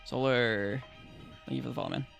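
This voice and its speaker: Laid-back young American man, gravelly. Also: medium pitch, fairly quick, fairly bright tone, faint music behind. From United States. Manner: laid-back, rambling, many fillers and restarts. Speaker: livestreamer. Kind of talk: casual live-stream chat with viewers.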